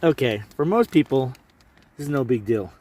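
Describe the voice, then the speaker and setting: Chatty and rambling, this Alaskan man vlogs into a handheld camera at a mountain campsite on a hike, sounding a little tired and cutting himself off mid-thought. His mid-range voice is animated and slightly mellow, moving at a normal speed through casual narration.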